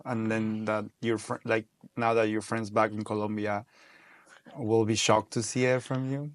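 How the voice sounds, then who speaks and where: A man's voice: lowish voice, little pitch movement, normal speed, no echo. A man from Cusco, Peru, with a Peruvian accent, who hosts a casual interview in a playful way and mixes English and Spanish. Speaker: interview host.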